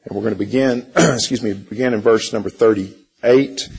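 A middle-aged man leads a church Bible class, speaking in a slightly low, husky voice. He talks haltingly, full of fillers, restarts and throat clearing. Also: fairly even intonation, darkish tone, rough recording.

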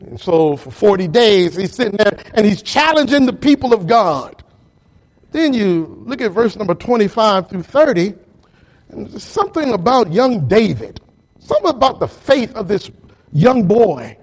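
A man preaching a sermon as pastor, talking straight to his congregation in an animated way. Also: high voice, moderate pace, poor audio.

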